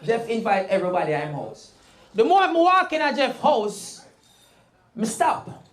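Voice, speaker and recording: A Jamaican woman doing animated stand-up storytelling in patois on a comedy stage. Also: a little high, moderate pace. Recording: live crowd laughing.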